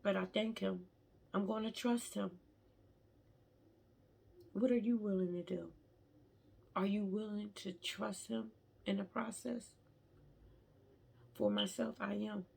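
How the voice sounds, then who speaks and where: Woman vlogger, heartfelt and halting, gravelly husky voice. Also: medium pitch, fairly even intonation, darkish tone. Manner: emotional, heartfelt, stammering restarts. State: tearful at times. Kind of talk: personal faith vlog.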